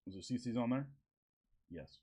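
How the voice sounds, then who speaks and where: A man's voice: medium pitch, animated, moderate pace, warm tone, husky. A man streaming from home, chatting casually with viewers, joking, swearing and laughing often. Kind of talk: casual live-stream chat reacting to viewers. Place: home at evening.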